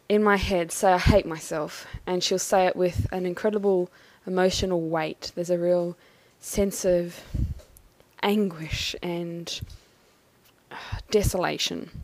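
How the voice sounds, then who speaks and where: A woman talking through a personal experience in a thoughtful, halting, measured way. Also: lowish voice, darkish tone, dry recording. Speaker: vlogger. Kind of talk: personal reflective monologue.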